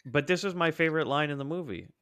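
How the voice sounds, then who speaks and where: A man talking as a guest on a podcast, animated and joking, swearing freely in casual chat. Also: a little high, fast, a little hiss or hum.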